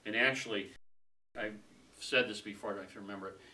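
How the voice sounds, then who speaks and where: A man leading a casual Bible study group, talking conversationally, laughing easily and trailing off softly. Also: fairly low pitch, fairly even intonation, fast talker. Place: small room with a group. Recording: distant mic with faint room noise.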